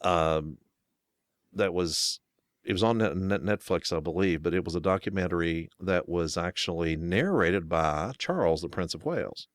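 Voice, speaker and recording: A man's voice: low voice, moderate pace, no echo, studio quality. An American man co-hosting a casual talk show, rambling with many restarts and fillers. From United States. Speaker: podcast co-host. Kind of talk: casual chat.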